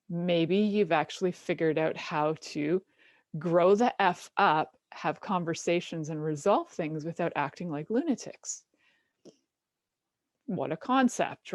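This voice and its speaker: A middle-aged woman hosting a talk show in a casual, animated monologue. Her voice sits a little low and sounds close and dry, with no room around it. She laughs often and slips into little voices as she tells stories. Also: no echo. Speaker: show host.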